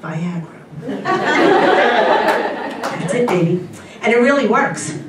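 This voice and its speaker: A middle-aged woman performs a stand-up set with slow, drawn-out timing and a lively, swooping pitch. She is recorded from far off in an echoey space, with loud crowd ambience behind her. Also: very noisy. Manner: punchy, drawn-out delivery with laughs. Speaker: stand-up comedian. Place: convention stage. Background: audience laughter.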